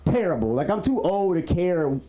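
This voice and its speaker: A man performing an animated, jokey stand-up set at an open mic on a club stage, laughing through his lines. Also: high-pitched, normal speed. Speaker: stand-up comedian. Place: comedy club stage with live audience. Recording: noisy crowd in a club. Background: audience laughter.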